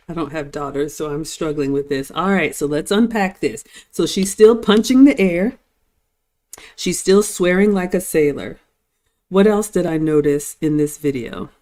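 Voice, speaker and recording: A woman's voice: deep voice, slow pace, pauses often, darkish tone. An older woman hosting a live-stream reaction, commenting and giving advice to viewers in a lecturing tone. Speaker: host.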